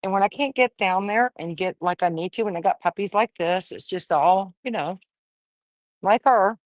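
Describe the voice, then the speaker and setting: A woman's voice: medium pitch, moderate pace, no echo. A woman breeding dogs, casually livestreaming while she firmly coaxes a wriggling puppy, talking in a folksy way. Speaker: dog breeder.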